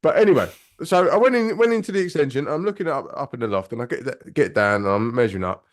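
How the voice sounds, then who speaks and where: A man's voice: mid-range voice, quick pace. A man from southern England on a live chat show, telling a story casually, with swearing and voices acted out. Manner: lively storyteller who acts out other people's voices. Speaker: co-host.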